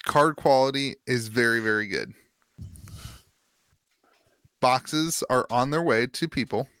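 A man's voice: medium pitch, slow, fairly bright tone, no room sound. Rambling man with a dry close sound. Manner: rambling, full of fillers and restarts. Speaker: podcast co-host. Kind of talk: casual chat.

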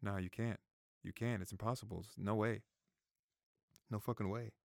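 A man's voice: on the low side, steady tone, normal speed, vocal fry, darkish tone, no room sound, studio quality. A man in his thirties giving his opinions in a casual vlog, repeating himself, swearing freely and fighting back tears. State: close to tears. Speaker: vlogger. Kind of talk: casual opinion talk to camera.

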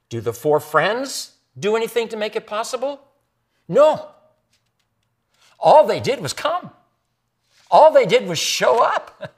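Male pastor, sermon delivery; high, lively voice that sinks to near-whispers for emphasis. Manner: expressive preaching with dramatic soft drops.

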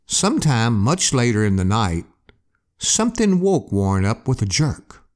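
A man hosting a podcast, telling a scary campfire story in a slow, expressive way. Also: mid-range voice. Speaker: podcast host. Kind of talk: storytelling narration.

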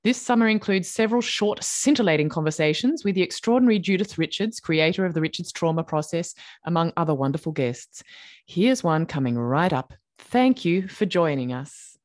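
A woman's voice: on the low side, expressive, normal speed. Upbeat woman hosting. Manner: upbeat, affirming, with frequent brief agreements. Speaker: podcast host and trauma coach. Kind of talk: friendly interview chat.

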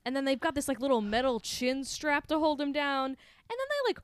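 A woman's voice: high voice, lively intonation, brisk, no echo, studio quality. A woman co-hosting a horror movie podcast, recapping a film in casual, laughing chat full of fillers and swearing. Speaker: podcast co-host.

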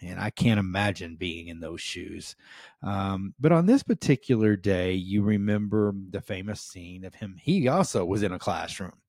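Deep-voiced and animated, an American leadership podcast host reflects solo at normal speed, his tone a little mellow. He speaks earnestly with many "um"s and "right?"s and rising emphasis, in a dry, studio-quality recording.

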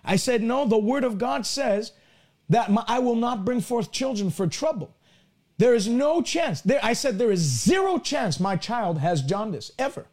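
A man's voice: very high-pitched, lively intonation, moderate pace, a little mellow. A man preaching a sermon broadcast, telling a personal story in an earnest way and often repeating words as he builds up. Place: lives in Canada.

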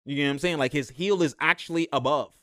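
A young man with a slightly higher voice talks basketball in quick, slangy bursts, leaning on filler phrases. The sound is dry and close to the mic. He keeps an animated, loose, casual podcast feel. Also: no room sound. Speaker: podcast host.

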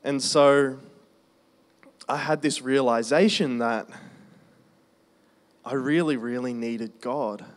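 Guy giving his testimony at church, chatty storytelling, slows right down on the big points. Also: mid-range voice, steady tone. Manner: conversational storytelling, slowing for emphasis. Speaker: preacher sharing his testimony. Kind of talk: testimony sermon.

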